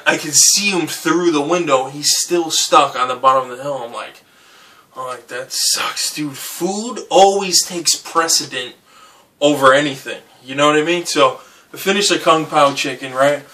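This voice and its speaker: A man's voice: on the high side, normal speed, bright, forceful tone, distant mic. A young man who grew up in Connecticut telling a rambling, profane comic story, often asking "right?". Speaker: comedian.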